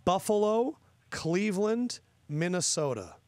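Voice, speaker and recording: A young man hosts a sports podcast and keeps pressing in with questions. His voice sits a little high for a man and sounds dry and close, with no room around it. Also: sing-song, unhurried, darkish tone, no echo. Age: young adult. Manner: keeps trying to cut in with questions. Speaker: podcast host. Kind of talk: casual sports podcast chat.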